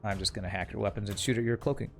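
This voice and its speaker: A young man with a fairly low, gravelly voice talks rapid-fire while streaming a game, casually commenting on the play and wryly teasing his chat. Faint music plays behind him.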